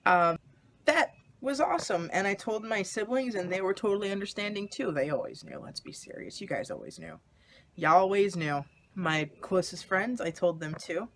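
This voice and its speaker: Gravelly-voiced young man telling his story. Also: high voice, lively intonation, moderate pace, a bit bright. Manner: candid, confessional storytelling. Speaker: vlogger. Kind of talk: personal storytelling.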